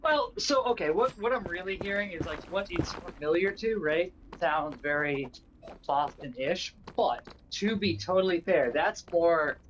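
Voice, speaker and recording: A man's voice: sits high, lively intonation, unhurried, a bit bright. A man from New England chatting casually on a gaming livestream, rambling with lots of fillers and restarts. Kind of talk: casual chat. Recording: dull lo-fi mic with faint noise.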